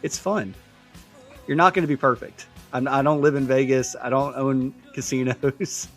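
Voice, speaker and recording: A man cohosting a sports talk show, speaking in a relaxed, easygoing way and hedging his opinions. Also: mid-range voice, normal speed, soft background music.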